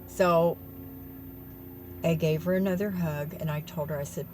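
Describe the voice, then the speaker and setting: A woman's voice: low voice, fairly even intonation, unhurried, pauses often, noisy background. A woman telling viewers a story in an earnest, tearful way, calling them y'all. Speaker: vlogger.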